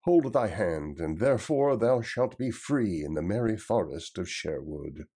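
A man's voice: on the low side, lively intonation, unhurried, mellow, husky, heavily acted. A man voicing a proud outlaw leader who speaks in a formal, emphatic, old-fashioned way. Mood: urging.

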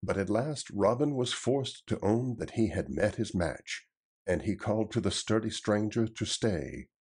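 Low, husky male storyteller. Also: expressive, unhurried, a little mellow. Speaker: narrator. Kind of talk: storybook narration.

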